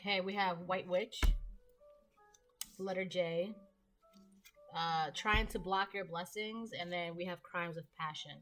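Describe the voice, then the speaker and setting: Chatty low-voiced woman reading tarot. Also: fairly even intonation, unhurried, pauses often, fairly bright tone, faint music behind. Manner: chatty and rambling, many fillers and asides. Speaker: tarot reader. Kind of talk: casual tarot reading to camera.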